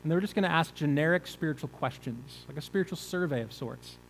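A man's voice: a little high, fast, gravelly, long reverb tail, a little hiss or hum, rough recording. A male pastor preaching a conversational sermon, asking the listeners rhetorical questions.

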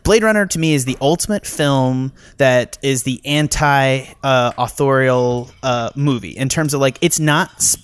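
A man's voice: medium pitch, a little slow, few pauses, smooth. A man co-hosting a podcast in casual film review chat, talking in long rambling runs with many restarts. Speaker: podcast co-host.

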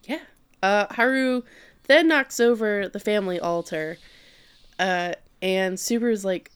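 A woman's voice: medium pitch, clear, resonant tone. A woman co-hosting a casual podcast, recapping an episode and swearing freely. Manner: swears freely, acts out characters in quick quoted voices. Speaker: podcast co-host recapping an anime. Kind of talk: casual chat.

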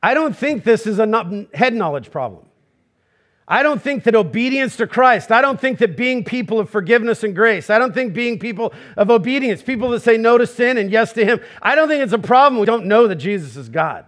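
High-voiced pastor preaching emphatically. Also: male voice, lively intonation, a little fast, a bit bright. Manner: emphatic, full of rhetorical questions; acts out quoted voices. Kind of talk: sermon.

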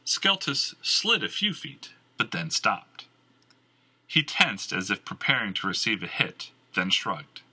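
Guy reading a fantasy audiobook, slow and husky, bright tone, lots of pitch movement. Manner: measured, expressive. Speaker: audiobook narrator. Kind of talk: scripted narration.

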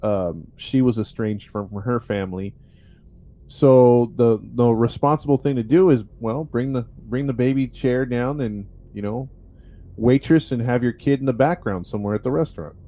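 Mellow-voiced man telling a story. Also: mid-range voice, normal speed. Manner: rambling, wry, with many fillers. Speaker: podcast host telling a story. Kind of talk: casual storytelling chat.

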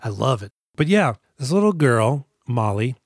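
A man's voice: mid-range voice, sing-song, normal speed, dry recording. Man for a casual movie podcast, jokey and crude, recorded dry. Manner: joking, swears, acts out scenes. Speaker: podcast co-host.

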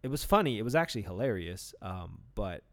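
A man's voice: lowish voice, very animated, fairly quick. A man in casual podcast talk, rambling with lots of restarts and fillers. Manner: burps mid-talk. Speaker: podcast co-host. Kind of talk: casual chat.

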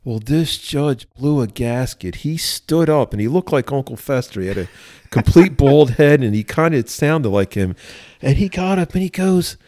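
Man telling a lively story. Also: medium pitch, normal speed, no room sound, clean studio sound. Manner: animated anecdote-telling with laughs and fillers. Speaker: police officer guest. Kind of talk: casual storytelling.

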